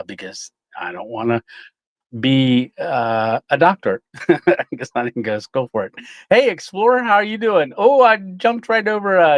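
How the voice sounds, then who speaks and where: A man's voice: medium pitch, no echo. Chatty man with frequent chuckles. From Tennessee, USA. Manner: rambling, chuckling, many fillers. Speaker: livestream host. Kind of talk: casual live chat reading comments.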